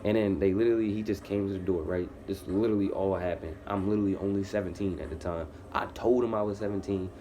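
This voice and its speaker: A young man tells a wild true story in loose, slangy casual talk, leaning on the same fillers over and over. When he quotes himself, his voice climbs much higher and gets louder and slower. A faint hiss of noise sits behind him. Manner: animated, slangy, heavy repeated fillers.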